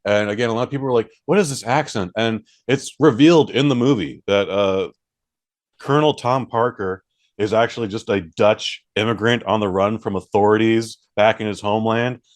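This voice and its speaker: With a lowish voice at a moderate pace, this man co-hosts a laid-back movie review podcast, recorded with no echo. He swears casually now and then and performs the reactions he quotes.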